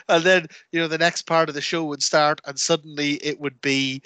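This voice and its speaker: A man co-hosting a podcast, telling rambling, animated stories in casual chat with lots of fillers. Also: on the high side, clear, resonant tone, dry recording. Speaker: podcast co-host.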